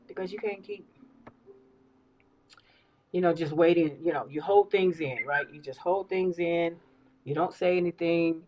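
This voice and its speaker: Over lo-fi sound, a fifty-something beauty vlogger with a voice on the low side does casual get-ready-with-me talk. She's animated in her storytelling, frequently repeats phrases, and checks in with the people listening.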